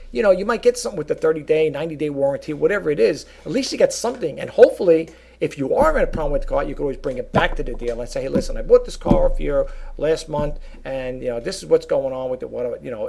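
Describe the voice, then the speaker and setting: A middle-aged man talks casually to his viewers in a rambling way, dotting his talk with fillers and calling them folks. His voice sits a little high and is heavily gravelly with fry throughout. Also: a little mellow. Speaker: vlogger and eBay reseller.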